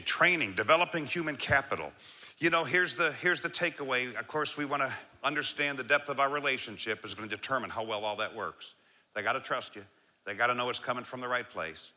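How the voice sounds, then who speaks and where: Animated man giving a leadership talk. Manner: animated, swings between loud emphasis and low slow calm. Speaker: leadership speaker. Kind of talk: motivational keynote talk. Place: before a live audience.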